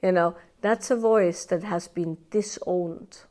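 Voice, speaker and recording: A woman's voice: on the low side, slow pace, a little mellow. A woman leading a live workshop, talking conversationally with frequent "right?" and "yeah" tags and acting out inner voices in quoted asides. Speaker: workshop teacher.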